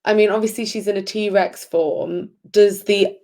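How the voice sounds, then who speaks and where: A woman playing a tabletop role-playing game, talking in a casual, halting way with many restarts. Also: mid-range voice, fairly even intonation, warm tone. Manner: hesitant, halting, full of restarts. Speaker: player.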